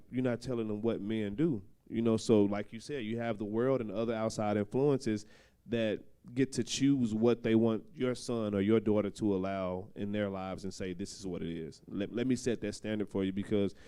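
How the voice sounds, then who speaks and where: A man's voice: fairly low pitch, fairly even intonation, normal speed, mellow, clean tone. A young man talking candidly and loosely in a panel discussion, laughing now and then.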